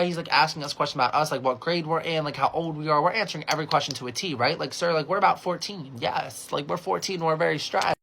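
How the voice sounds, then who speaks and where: A man's voice: a little high, fairly bright tone. A young adult man from California telling a casual storytime, chatty and swearing freely, with lots of "like" as he acts out the dialogue.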